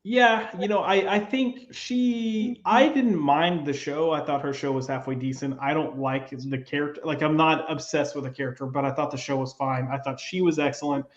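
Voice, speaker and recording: A man co-hosting a podcast in relaxed casual chat, often agreeing and using fillers. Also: on the high side, normal speed, hardly any pauses, roomy sound, lo-fi sound. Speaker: podcast co-host.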